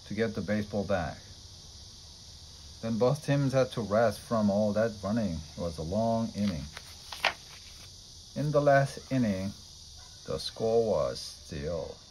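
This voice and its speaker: A man with a fairly low voice reads a children's storybook aloud. His reading is steady and plain. He tells the story at an easy pace, line by line. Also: slight background noise, poor audio. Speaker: storybook reader.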